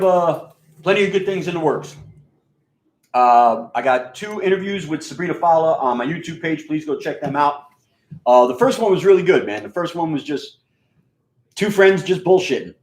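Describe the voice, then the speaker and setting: New York man, mixed Queens-Bronx accent, scratchy and rustic, rambling and profane, roomy echo. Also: on the high side. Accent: New York mix of Queens and Bronx. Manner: profane, rambling, with many fillers and restarts. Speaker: radio and video host. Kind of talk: casual rambling monologue.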